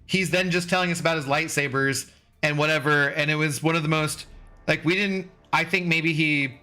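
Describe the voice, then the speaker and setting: A man's voice: fairly high pitch, steady tone, moderate pace, sharp tone. A man in his forties from Washington State, hosting a livestream and chatting casually with viewers, loose and profane, laughing often. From Washington State, USA. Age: 40s. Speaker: livestream host reading chat. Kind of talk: casual chat.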